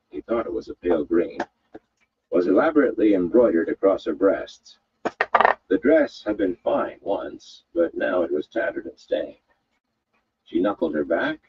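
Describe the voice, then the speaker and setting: A man reading a fantasy story aloud with expressive, measured narration. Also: sits low, muffled recording, a little hiss or hum. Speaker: audiobook reader.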